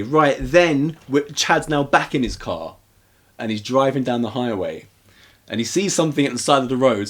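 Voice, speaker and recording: A man co-hosting a podcast, casually recapping a horror film in a rambling, animated way with acted-out quotes. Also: medium pitch. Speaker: podcast co-host. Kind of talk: casual movie recap chat.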